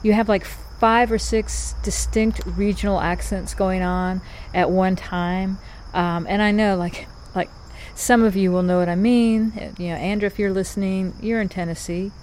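A woman's voice: mid-range voice, steady tone, a little slow, darkish tone, a little hiss or hum. Woman in her fifties, rambling podcast monologue, chatty asides, faint crickets behind. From North Carolina. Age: 50s. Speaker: podcast host. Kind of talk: casual monologue.

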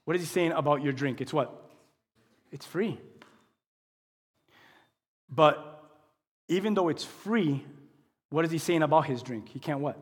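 A male pastor preaching a sermon in a church, asking the congregation questions and swinging between quiet teaching and loud, impassioned passages. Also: on the high side, unhurried, long pauses, slightly rough. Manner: asks the congregation call-and-response questions. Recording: long hall reverb.

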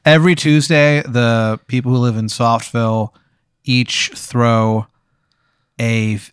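A man casually improvising a long, absurd story, rambling and deadpan with lots of restarts. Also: medium pitch, takes it slowly, smooth, no echo, clean studio sound. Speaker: podcast host spinning an improvised story.

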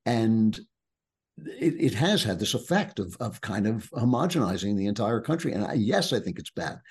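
A middle-aged man with a fairly low, husky voice talks through his work in a relaxed conversational way. He tells stories and restarts phrases as he thinks aloud. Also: moderate pace. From United States, Long Island. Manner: reflective, anecdotal, with repeated restarts. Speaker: author guest. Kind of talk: conversational book talk.

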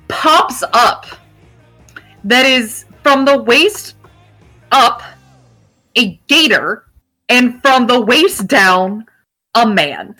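A woman's voice: a little high, sharp tone, low-quality recording. A young adult woman narrating as game master for a tabletop game, casual and playful, laughing often.

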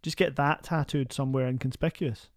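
A man's voice: mid-range voice, steady tone, a little fast, dry recording. A man, an actor, chatting casually with a dry, self-deprecating wit. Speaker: actor, podcast co-host. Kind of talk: casual chat.

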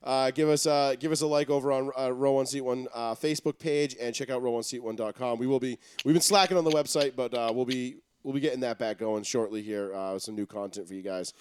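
Fast-talking casual podcast guy. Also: mid-range voice, fairly even intonation, clean tone. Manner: laid-back, swears freely. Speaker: podcast co-host. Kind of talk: casual banter among friends.

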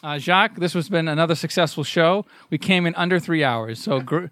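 Pria bersuara cerah dan agak tinggi. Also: male voice, a little high, fairly quick, a bit bright, no echo. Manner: teasing, joking. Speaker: podcast host. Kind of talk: casual chat.

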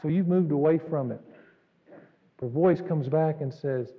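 Dramatic preacher in a reverberant sanctuary. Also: male voice, fairly high pitch, unhurried, pauses often, slightly rough. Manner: earnest and dramatic, swinging from raised to hushed. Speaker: pastor. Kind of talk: sermon. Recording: dull recording in a reverberant hall.

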